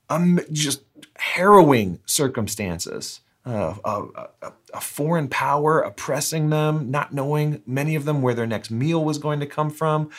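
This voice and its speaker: A man preaching a sermon. He speaks earnestly, restarts his phrases often, and slows right down whenever he reads scripture. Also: fairly high pitch. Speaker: pastor.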